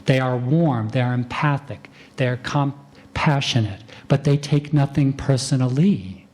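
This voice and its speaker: Male doc giving a talk, calm and chatty, acts out patient convos, mid pitch. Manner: conversational, acts out doctor-patient exchanges; calm, unhurried delivery. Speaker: physician giving a conference lecture. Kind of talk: conference lecture.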